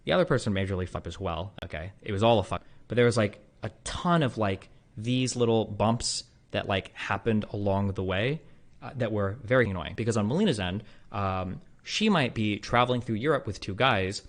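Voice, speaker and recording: A man's voice: on the low side, expressive, normal speed. A man in his thirties talking casually to a stream audience, rambling with lots of fillers and blunt, profane asides. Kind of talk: casual monologue to a livestream audience.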